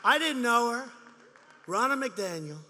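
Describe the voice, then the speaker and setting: A man's voice: extremely high pitch, big pitch swings, measured pace, bright, forceful tone, some chatter behind. A man giving a rambling, repetitive campaign rally speech to supporters, mocking and boastful. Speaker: politician addressing supporters. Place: large indoor rally venue. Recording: long hall reverb, faint background noise.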